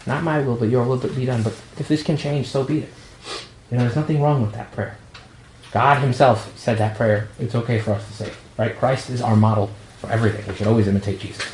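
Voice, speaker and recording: A male priest speaks to a young adult group in a relaxed, conversational way. He jokes and slips into quoted back-and-forth exchanges. His voice rings around an echoey room over a faint hiss of background noise. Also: mid-range voice. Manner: conversational and humorous, acts out quoted dialogue. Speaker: priest leading a young adult ministry meeting.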